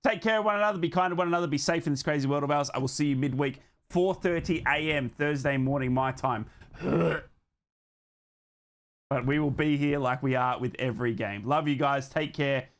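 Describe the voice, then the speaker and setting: Aussie guy streaming a footy watchalong, bit higher voice, yells n laughs at the match, says mate and bro a lot. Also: brisk. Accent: Australian. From Australia. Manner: excitable, shouts and laughs during the match, then slangy thank-yous. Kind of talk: live fan commentary and stream sign-off.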